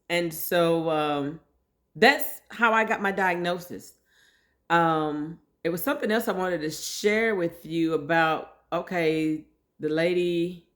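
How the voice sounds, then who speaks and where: A woman telling her personal story in a casual, chatty way, talking straight to her listeners. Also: sits low. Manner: chatty, animated, addresses listeners directly. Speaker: host sharing her health story.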